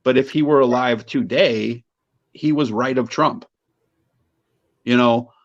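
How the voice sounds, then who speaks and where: Measured podcast co-host, slightly dull sound. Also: male voice, medium pitch. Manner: measured, searching for words. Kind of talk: casual debate chat.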